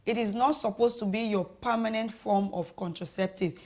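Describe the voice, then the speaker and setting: A woman doctor with a Nigerian accent gives patient, measured advice on a radio call-in show. Her voice sits at a middle pitch and her tone stays even and reassuring. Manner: calm, measured, advising. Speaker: doctor, guest expert.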